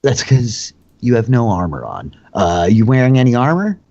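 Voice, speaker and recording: A man's voice: medium pitch, very animated, normal speed, warm tone, muffled recording. A man narrating a tabletop game as dungeon master, talking loosely with lots of "like" and fillers.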